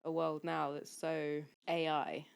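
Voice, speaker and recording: A woman with a lowish voice talks as a podcast guest. She is soft and earnest, and her sentences flow along with plenty of fillers in a relaxed conversation. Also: slow, gravelly, clean tone. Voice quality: soft, flowing, earnest delivery with many fillers. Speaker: podcast guest, hypnotherapist and coach.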